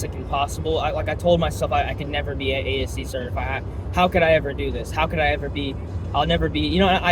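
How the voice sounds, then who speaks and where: Young male vlogger, a bit high-voiced, rambling and foul-mouthed. Recorded inside a car with clear road noise. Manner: profane, rambling, many fillers. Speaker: vlogger and auto shop worker. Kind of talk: casual rambling chat while driving. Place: inside a car on city streets.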